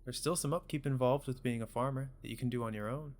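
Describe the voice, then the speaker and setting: A man voicing a gentle, tired father speaking softly and tenderly to his daughter. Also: medium pitch, fairly even intonation, quick pace, close to an everyday voice. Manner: soft, quiet, tender.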